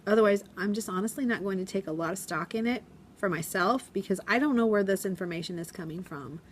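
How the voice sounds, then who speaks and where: A woman's voice: mid-range voice, fast, a little hiss or hum. Chatty woman teacher vlogging. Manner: chatty, rambling, acts out quotes in voices. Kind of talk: casual vlog chat. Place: school classroom.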